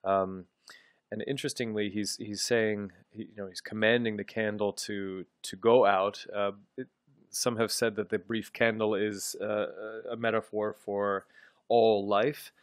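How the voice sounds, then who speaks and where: A low-voiced man works through a literature lecture, thinking aloud as he goes. He pauses often with ums and doubles back on his phrases. The sound is dry and close, with no room around it. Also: little pitch movement, no room sound. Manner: thoughtful, halting, with frequent ums and restarts. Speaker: literature teacher.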